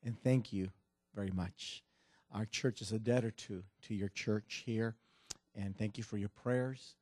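A middle-aged man, a visiting missionary preaching a sermon, halting with many restarts. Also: fairly low pitch, steady tone, no echo, clean studio sound. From Mexico. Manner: warm, halting with restarts, building to loud preaching. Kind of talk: sermon with joke and scripture reading.

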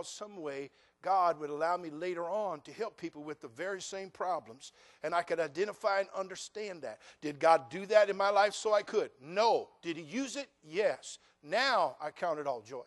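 An older man preaching as a pastor. He tells his story quietly, then rises to loud, fervent preaching. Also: a little high. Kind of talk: sermon.

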